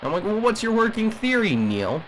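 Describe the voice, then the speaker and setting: A man's voice: high voice, sing-song, moderate pace, fairly bright tone, slight background noise, poor audio. A man voicing an agitated caller on a radio broadcast in an audio drama, speaking emphatically and rambling with frequent restarts. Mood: indignant. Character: agitated male radio caller defending a cursed family.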